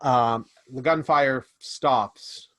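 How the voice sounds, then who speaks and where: A man running a tabletop game as game master, narrating scenes with quick restarts and fillers. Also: mid-range voice, fairly bright tone, dry recording.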